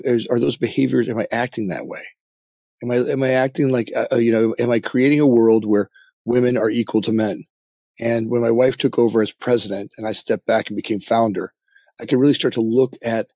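A man's voice: medium pitch, breathy edge, no room sound. A middle-aged man talking candidly as a company founder in a podcast interview, often tagging his points with "right?".

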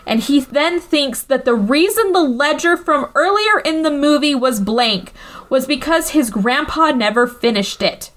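High, lively woman recapping a movie. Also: measured pace. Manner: animated and profane, acts out quotes. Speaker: podcast co-host recapping a movie. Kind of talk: casual comedic movie recap.

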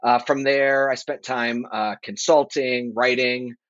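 A man in his forties, a guest on a podcast, talking in a relaxed, rambling way with lots of fillers. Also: mid-range voice, slow pace, dry recording. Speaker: guest, marketing executive. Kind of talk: casual podcast interview. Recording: dry, dull lo-fi sound.

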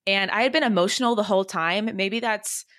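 A woman's voice: medium pitch, a little fast, dry recording, studio quality. A young woman co-hosting a podcast, telling personal stories candidly in casual chat and laughing often. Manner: candid, animated storyteller who laughs often. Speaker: podcast co-host.

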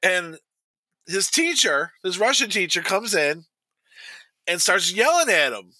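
A man's voice: sits high, sing-song, unhurried, pushed and bright, no room sound, low-quality recording. A middle-aged man chatting casually on a podcast, telling a long story with restarts and laughing at his own tale. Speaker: podcast co-host.

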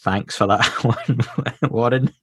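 A man's voice: mid-range voice, steady tone, slow pace, slightly rough, no room sound, clean studio sound. A Scottish man hosting a podcast in casual chat, reading out listener comments and joking about them. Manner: chatty, reads out listener comments with jokes. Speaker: podcast host.

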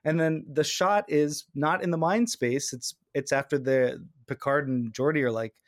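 Animated man, dry close podcast sound. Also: fairly high pitch, normal speed, no echo. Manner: animated, acts out quoted lines in character. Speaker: podcast host. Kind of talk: casual podcast discussion.

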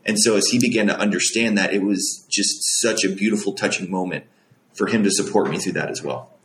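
A man's voice: lowish voice, fairly quick. A young man in his twenties, a made-to-measure clothier, telling a personal story in an earnest, rambling way with lots of fillers. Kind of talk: casual storytelling. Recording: echoey room.

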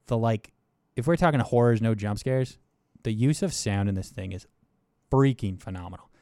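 A young man co-hosting a casual film podcast, enthusiastic and animated, dropping to mumbled asides and then jumping into excited, high bursts. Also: moderate pace, no room sound, studio quality. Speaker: podcast co-host. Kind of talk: casual film review chat.

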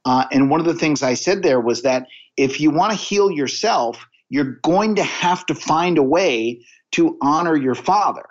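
A man's voice: a little high, lively intonation, moderate pace, hardly any pauses. A man as a podcast guest, talking earnestly in a conversational interview and telling anecdotes, often restarting his phrases. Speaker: podcast guest, sales coach. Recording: dull lo-fi audio.

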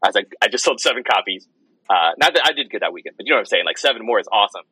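A man chats as a podcast guest, rushing through a rambling story with plenty of restarts. His voice is bright and a little husky. The recording is dry and close. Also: lowish voice, lively intonation, no echo, poor audio. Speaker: podcast guest, comics writer. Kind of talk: casual chat.

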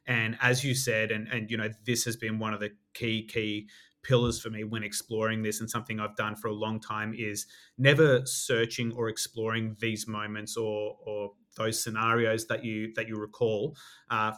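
A man with a lowish voice speaks in a fairly flat, even tone as a podcast guest. He reflects on his experiences in a measured way, often leaning on "you know". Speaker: podcast guest, life coach. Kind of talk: reflective interview talk.

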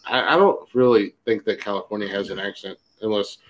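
A man with an Ohio accent, hosting a crude casual podcast chat, loud and laughing often. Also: on the low side, brisk, a little hiss or hum, rough recording. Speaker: podcast host.

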